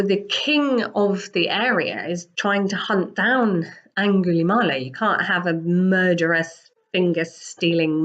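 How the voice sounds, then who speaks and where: A woman teaching a lesson, telling a story with lively dramatic emphasis, recorded with a dull lo-fi sound. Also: on the low side.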